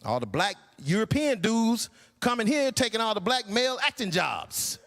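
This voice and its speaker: A man in his sixties performing a stand-up comedy routine, incredulous and animated. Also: high voice, moderate pace, big-room sound. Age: 60s. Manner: animated, incredulous, acts out voices. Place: church hall stage.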